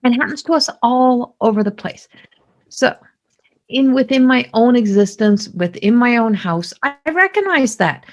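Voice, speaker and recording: A middle-aged woman hosting a podcast, talking in a lively, rambling way with many restarts. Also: a little high, a little slow. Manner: animated, talkative, many restarts. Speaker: podcast host; psychic medium. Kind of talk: casual spoken monologue.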